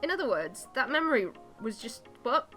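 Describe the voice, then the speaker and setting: A woman's voice: on the high side, very animated, moderate pace, pushed and bright, faint music behind, pitched above the performer's own voice. A woman voicing a small, fussy male spirit who asks flustered questions in a game dub.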